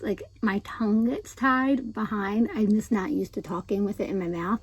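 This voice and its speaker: A woman's voice: mid-range voice, moderate pace, hardly any pauses, a little mellow, slightly rough, no echo, low-quality recording. A young adult woman talking in a casual vlog diary. Her S sounds come out airy and slightly lisped, and she chats along with plenty of ums and likes. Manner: chatty, with frequent ums and likes. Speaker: vlogger.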